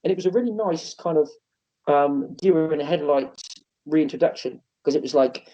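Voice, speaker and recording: A man's voice: a little high, moderate pace. A man in his thirties, a wrestling promoter, telling stories casually in an interview and acting out quotes in a raised voice. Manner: animated storyteller, acts out quotes in a raised voice. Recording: dull lo-fi podcast audio.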